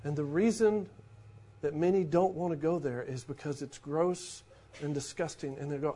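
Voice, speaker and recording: A man in his forties, a pastor preaching a sermon in a conversational way, dropping to a hush for emphasis. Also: on the high side, normal speed.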